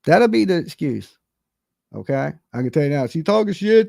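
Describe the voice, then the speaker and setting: A man hosting a casual call-in stream, talking bluntly in slang and cursing, jumping from high exclaims to low mutters. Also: big pitch swings, moderate pace, gravelly, a little mellow, no room sound. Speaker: livestream host. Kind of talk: casual call-in chat and commentary.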